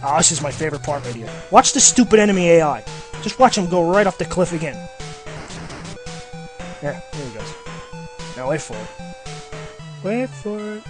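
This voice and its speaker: Sweary, exasperated male game reviewer. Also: fairly high pitch. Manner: exasperated, sarcastic, swears constantly. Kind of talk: profane gameplay commentary rant.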